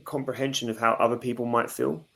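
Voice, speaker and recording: A man's voice: mid-range voice, flat delivery, fast talker, vocal fry, fairly bright tone. A man, a podcast co-host who reflects aloud in casual chat, stopping often with fillers. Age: 30s.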